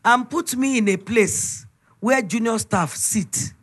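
A middle-aged woman with a Nigerian accent, giving an emphatic, animated preaching testimony. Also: on the high side, takes it slowly, slightly rough. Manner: storytelling, emphatic, animated retelling.

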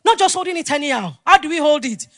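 A woman preaching a sermon, asking the congregation questions and swinging between loud exclamations and quiet asides. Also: high-pitched, lively intonation, fast talker, no room sound.

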